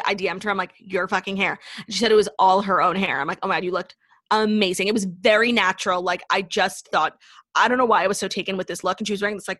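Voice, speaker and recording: A woman's voice: medium pitch, fairly bright tone, dry recording, clean studio sound. A young woman co-hosting a podcast, chatting casually and gushing with a profane edge. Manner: gushing, profane, fast recaps of reality TV. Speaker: podcast co-host. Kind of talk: casual chat.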